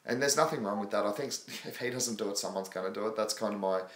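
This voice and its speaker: A man's voice: lowish voice, fast, a bit bright, roomy sound. An Australian man hosting a casual live stream chat, rambling and chatty, answering viewer questions and laughing often.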